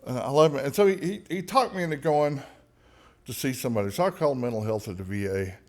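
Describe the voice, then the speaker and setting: A man's voice: mid-range voice, lively intonation, fast talker. A man speaks as a podcast guest, telling personal stories in a candid, conversational way. He is blunt and profane, slips jokes in, and often restarts his sentences as he goes. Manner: frank, profane, joking, many restarts.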